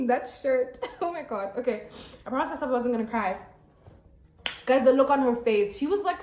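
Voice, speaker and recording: A young woman with a South African accent, telling viewers a painful personal story in an animated, emotional way and often calling them "guys". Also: on the high side, echoey room, rough recording. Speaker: YouTuber. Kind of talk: storytime vlog. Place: home by a busy road.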